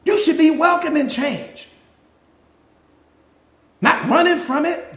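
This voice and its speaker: A man with a strikingly high voice speaks as a mindset coach in a live motivational talk, preaching and repeating himself. He fires off rhetorical questions, and the room around him rings with echo. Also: takes it slowly, a bit bright. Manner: greets viewers by name mid-talk.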